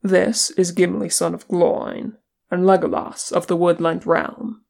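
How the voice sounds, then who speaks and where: Reader doing calm ranger leader, grave man, slow, very gravelly, audiobook. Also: medium pitch. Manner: calm, measured. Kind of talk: audiobook character reading.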